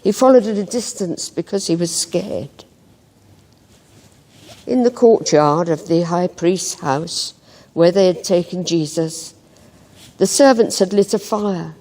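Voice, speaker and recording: Slow, mellow woman telling a Bible story. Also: fairly low pitch, in a large hall. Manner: slow, gentle storytelling with reflective pauses. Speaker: devotional reader. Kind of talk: scripted Bible story narration. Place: church.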